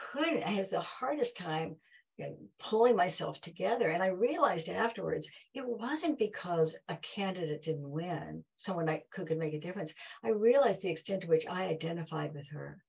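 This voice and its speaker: A woman's voice: on the low side, expressive, normal speed, gravelly, husky, muffled recording. A woman giving a heartfelt talk to an audience, telling stories and acting out quoted dialogue. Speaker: guest speaker.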